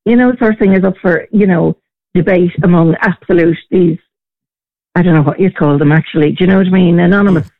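Man, high voice, tinny phone line, hesitant, lots of restarts. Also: brisk. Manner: hesitant, many restarts and fillers. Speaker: radio show guest. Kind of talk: casual chat on a phone line.

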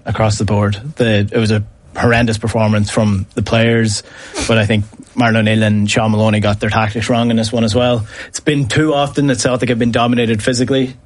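A man hosting a breakfast sports radio show, talking briskly about football and reading promos. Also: fairly low pitch. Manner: brisk, reads ad copy and promos in a lively way.

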